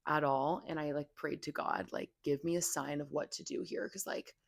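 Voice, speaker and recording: A woman's voice: low-pitched, steady tone, normal speed, creaky, no room sound, clean studio sound. A young woman hosting a podcast, venting candidly in casual talk full of "like" and swearing. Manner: venting, heavy "like" filler, frequent swearing. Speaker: podcast host.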